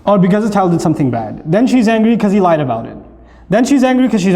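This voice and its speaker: A man giving a humorous talk on parenting, lively and acting out family scenes. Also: high-pitched, fast. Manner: animated, acts out family scenes. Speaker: speaker. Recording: long hall reverb.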